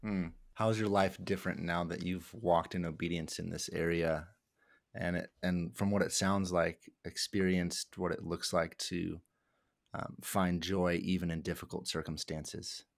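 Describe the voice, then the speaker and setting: A man interviewing a guest, asking calm questions and gently affirming her answers. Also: deep voice, unhurried, creaky, dry recording, studio quality.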